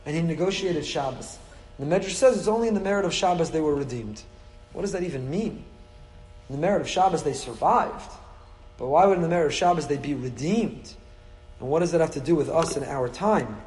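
A man's voice: on the high side, fairly quick, darkish tone, in a large hall. A man teaching a Torah class as a rabbi, asking rhetorical questions and acting out lines from the text as he explains them. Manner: asks rhetorical questions and acts out quotes from the text. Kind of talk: animated Torah lesson.

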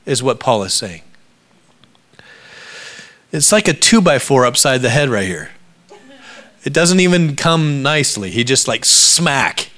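Middle-aged male pastor, lively sermon delivery with playful jokes, sudden loud bursts and quiet asides, mid-pitched voice. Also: measured pace. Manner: animated, jokey preaching that swings between loud outbursts and hushed asides. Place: church sanctuary before a congregation.

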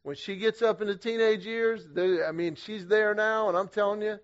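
A middle-aged man speaking to a men's group at church, energetic and humorous, with a conversational style full of quick restarts. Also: high-pitched. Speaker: guest speaker leading a men's group series. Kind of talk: storytelling church talk to men. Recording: dull lo-fi sound.

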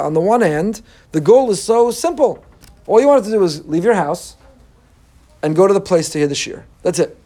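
A man's voice: animated, brisk, warm tone. A man, a rabbi giving an emphatic Torah class, reading Hebrew text aloud and translating it. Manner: emphatic, rises in pitch when making a point.

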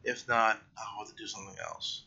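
Tired guy rambling on his podcast, gravelly bright voice, kinda dull lo-fi sound. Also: fairly low pitch, flat delivery, brisk. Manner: rambling, self-correcting, yawning late at night. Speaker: podcast host. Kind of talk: casual solo monologue.

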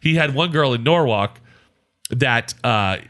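A man's voice: mid-range voice, a little slow. A man co-hosting a podcast, telling a rowdy road story in casual chat and acting out the people in it. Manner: animated storyteller, acts out voices of people in his story. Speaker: podcast co-host.

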